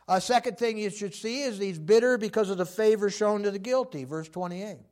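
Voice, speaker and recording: A man preaching a sermon, animated, acting out quoted voices with many fillers. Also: high voice, fairly quick.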